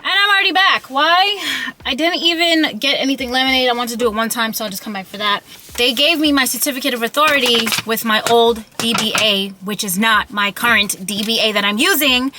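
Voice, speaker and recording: Annoyed woman ranting into her vlog cam, bright highish voice, keeps repeating how frustrated she is. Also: a little hiss or hum. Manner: frustrated, swearing, repeats herself. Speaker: vlogger and small business owner. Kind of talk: casual vlog venting. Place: out and about, then at home.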